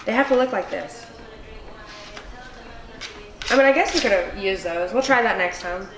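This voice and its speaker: A woman's voice: medium pitch, moderate pace, fairly bright tone, slight background noise. A tipsy woman hosting a casual cooking vlog, rambling and swearing freely as she chops. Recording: echoey room with music behind.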